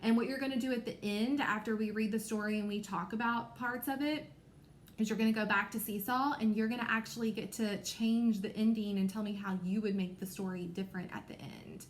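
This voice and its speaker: A first grade teacher with a Kentucky accent gives a reading lesson to young children, sounding out letters slowly and clearly. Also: female voice, medium pitch, steady tone, echoey room, a little hiss or hum.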